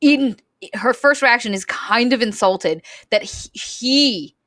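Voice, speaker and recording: A woman's voice: on the high side, takes it slowly, no room sound. Chatty woman podcaster, dry sound. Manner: animated retelling with many "like" fillers. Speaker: podcast co-host. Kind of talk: casual book discussion.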